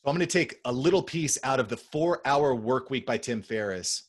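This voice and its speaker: A man's voice: medium pitch, expressive, brisk. Confident man repeating key points. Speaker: podcast guest. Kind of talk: casual interview chat.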